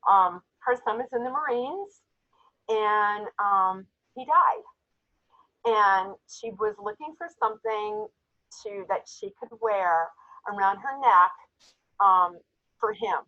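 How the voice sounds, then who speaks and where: A woman's voice: medium pitch, lively intonation, slow pace. Woman for a sales team call, heartfelt storyteller, slightly dull lo-fi sound. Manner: emotional, storytelling, tearful at times. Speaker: jewelry sales team member. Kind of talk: casual group call.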